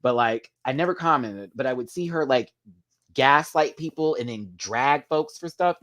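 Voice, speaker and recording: A man hosting a live chat, talking casually and gossipily to viewers, calling them "girl" and "y'all", with big sudden swings in pitch and loudness. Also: normal speed. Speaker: livestream host.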